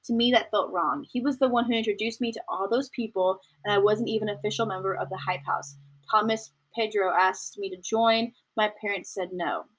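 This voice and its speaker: Keeping a steady tone, a young adult woman speaks a little fast in a husky voice on the commentary podcast she hosts from home. She rambles in a chatty, casual way and does mocking high-pitched impressions.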